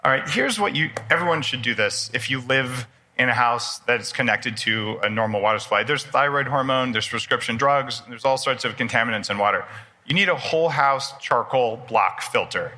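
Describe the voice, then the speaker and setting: This is a live conference talk at a personal development expo, given by a man in his forties who is enthusiastic, chatty, and trades jokes with the audience. He has a medium-pitched, bright voice that sounds pushed and animated, delivered at a normal speed.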